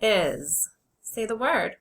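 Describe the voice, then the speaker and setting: A woman teaches young children to read, sounding out each word slowly and clearly. Her voice is bright and forward, and she encourages the class warmly as friends. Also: mid-range voice, lively intonation, low-quality recording. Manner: slow, clear sounding-out of words. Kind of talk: early reading lesson for children.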